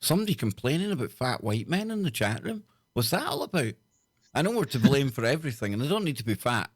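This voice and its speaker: Excitable man hosting a livestream. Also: medium pitch, fast, husky, no echo, studio quality. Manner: excitable, loud laughs, slang-heavy. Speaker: host. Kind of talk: casual livestream chat.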